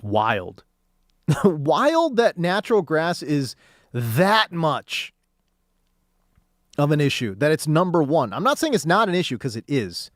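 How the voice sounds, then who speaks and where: A man's voice: a little high, very animated, takes it slowly, pauses often, a bit bright, no echo. A man hosting a sports talk radio show, ranting in a casual, slangy monologue from the studio.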